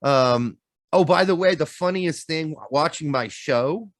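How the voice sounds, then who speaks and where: A man's voice: a little high, unhurried, dry recording, clean studio sound. A man co-hosting a podcast in casual chat, joking around and swearing freely. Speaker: podcast co-host.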